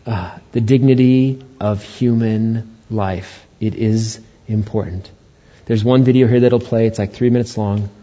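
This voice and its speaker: Man preaching with a dark tone. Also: fairly low pitch, steady tone, unhurried, few pauses. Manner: conversational, joking asides to the congregation. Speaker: pastor. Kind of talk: sermon. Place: church. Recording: dull lo-fi recording.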